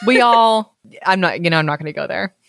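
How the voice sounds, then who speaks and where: Excitable, lively-voiced woman. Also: fairly low pitch, creaky, dry recording, clean studio sound. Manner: excitable, joking, quick asides. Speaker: podcast co-host. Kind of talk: casual chat.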